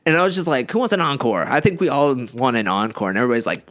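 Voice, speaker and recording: A man's voice: mid-range voice, racing. A young man, a podcast co-host, rambling through a casual story and acting out quotes as he goes. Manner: rambling, animated retelling with acted-out quotes.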